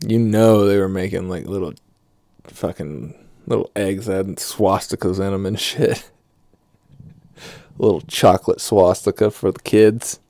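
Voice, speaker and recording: A young man drawls through a rambling, foul-mouthed comedy riff and keeps breaking into laughter at his own jokes. His voice sits low and dark, and he takes his time with every line. The sound is close and dry, with no room ring. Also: steady tone, a little slow, no room sound.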